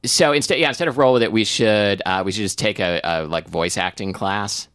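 A man's voice: on the low side, a little fast, fairly bright tone, clear, resonant tone, dry recording, clean studio sound. A man co-hosting a casual podcast, telling rambling stories full of fillers and restarts. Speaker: podcast co-host. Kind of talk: casual chat.

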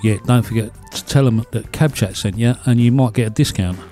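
A man's voice: medium pitch, fairly quick, dark tone, faint music behind. A man hosting a casual podcast chat and reading out announcements. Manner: chatty, reads announcements aloud. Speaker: podcast host.

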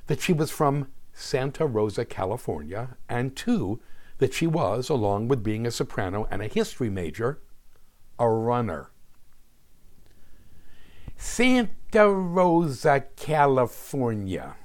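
Wry, animated man in his sixties. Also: mid-range voice, normal speed. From New Jersey. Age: 60s. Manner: wry, sardonic storytelling. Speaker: podcast host. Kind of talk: scripted narration.

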